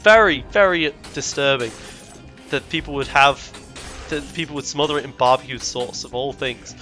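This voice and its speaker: A man's voice: medium pitch, little pitch movement, normal speed, sharp tone, soft background music. A young man vlogging casually, rambling with frequent self-corrections and indignant asides. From Britain. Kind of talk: casual rambling travel vlog.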